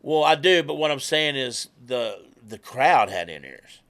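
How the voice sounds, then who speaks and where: A man, a musician guest telling stories in casual talk, animated and swearing freely. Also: mid-range voice, a little slow. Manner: animated, swears freely, acts out quoted people. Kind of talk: casual conversational storytelling.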